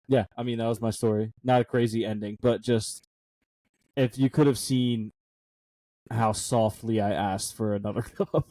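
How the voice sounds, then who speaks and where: A man's voice: fairly low pitch, dark tone, no room sound. A young man co-hosting a casual podcast, telling a self-deprecating story and laughing often. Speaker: podcast co-host.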